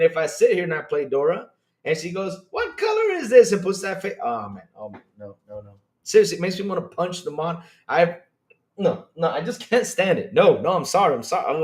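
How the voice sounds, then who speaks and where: A man hosting a casual gaming livestream, rambling in an animated way, reading chat and swearing when he gets worked up. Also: high-pitched. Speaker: podcast host reading live chat.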